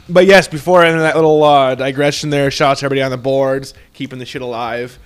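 A man's voice: medium pitch, fairly even intonation, clear, resonant tone. A man hosting a podcast, joking and swearing casually with his co-host. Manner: joking, swears, quick-talking. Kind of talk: casual chat.

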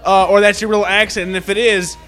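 A man co-hosting a casual podcast with a high, bright and forceful voice. He talks in a brash, profane, mock-boastful way, with faint music in the background. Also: little pitch movement, fairly quick. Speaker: podcast co-host. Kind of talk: casual chat.

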